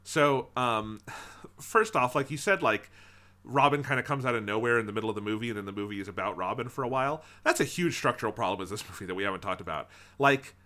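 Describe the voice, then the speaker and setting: Male podcast co-host, bright tone, loose and profane, acts out scenes. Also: mid-range voice, quick pace. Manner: animated, swearing, acts out movie lines. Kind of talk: casual film review chat.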